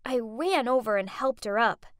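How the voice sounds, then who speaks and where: A young woman narrating a first-person animated story in a dramatic, emotional way. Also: a little high, moderate pace, dry recording, studio quality.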